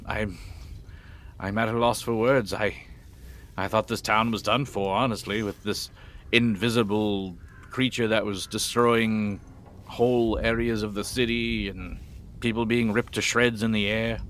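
A man's voice: lowish voice, little pitch movement, measured pace, a bit bright, a little hiss or hum. A man playing a flustered town mayor. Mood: earnest. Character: nervous, fussy human town mayor.

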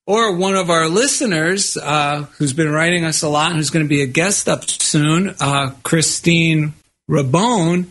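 A man's voice: a little high, measured pace, a bit bright. A man co-hosting a podcast, an author telling rambling anecdotes in casual conversation, with frequent restarts.

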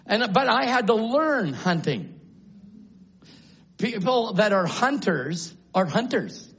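Male preacher, high-pitched, shouting sermon in a church sanctuary, muffled recording. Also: animated, takes it slowly, husky. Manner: swings from low musing to shouted exclamations.

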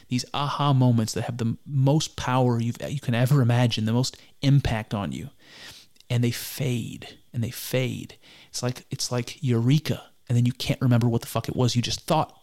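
A man's voice: mid-range voice, a little mellow. A man giving a reflective spoken commentary on a text, earnest and musing, often stopping to restart his sentences. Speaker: speaker discussing mysticism.

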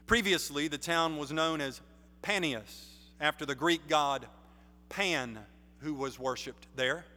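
A man preaching a sermon in a measured, emphatic way, building stress on key phrases. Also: fairly high pitch, pushed and bright. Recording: long reverb of a large hall.

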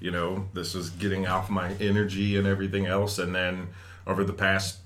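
Deep laid-back man. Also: completely flat delivery, normal speed, a bit bright. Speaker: podcast host. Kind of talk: casual chat.

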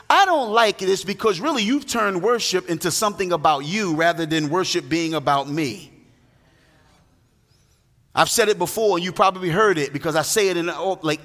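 High, bright-voiced preaching man. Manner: emphatic preaching with sung, drawn-out phrases. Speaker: pastor. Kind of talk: sermon. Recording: long hall reverb.

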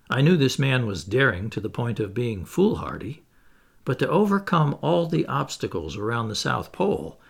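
A man narrating a classic adventure novel in a measured storytelling reading. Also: medium pitch, vocal fry. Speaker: audiobook narrator. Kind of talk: scripted narration.

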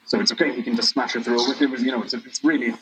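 A man talking as a podcast guest in casual chat, halting, with lots of restarts and fillers. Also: medium pitch, steady tone, music in the background, rough recording.

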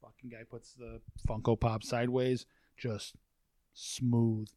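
A man chats casually and tells rambling stories peppered with swearing. His voice sits in a middle pitch. The room is dry, with no echo. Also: level tone, slow pace, dark tone. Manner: profane, rambling storyteller. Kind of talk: casual chat.

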